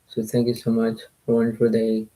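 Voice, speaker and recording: A man talking quietly and softly to his viewers in a casual, rambling recap, often circling back to the same phrases. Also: medium pitch, completely flat delivery, fairly quick, rough recording. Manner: quiet, soft-spoken, repetitive and rambling. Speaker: poker video creator.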